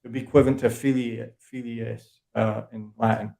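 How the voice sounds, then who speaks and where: A man as a podcast guest, explaining words in a quick, casual way and correcting himself as he goes. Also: mid-range voice, level tone, gravelly, warm tone.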